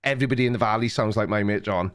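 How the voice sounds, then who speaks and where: Racing along in a low voice, the Welshman running the livestream swaps relaxed chatter with a caller, spinning tales and breaking into frequent laughter.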